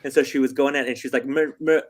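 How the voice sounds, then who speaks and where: A man's voice: mid-range voice, flat delivery, racing, breathy edge. A man hosting a casual interview, chatty and laughing often, with frequent stammered restarts. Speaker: host.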